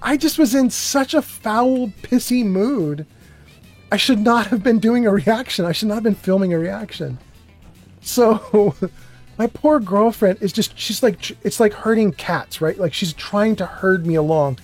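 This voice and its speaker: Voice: medium pitch, a little slow. Rambling streamer, faint music behind. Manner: rambling, self-deprecating, many fillers. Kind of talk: gameplay commentary and storytelling.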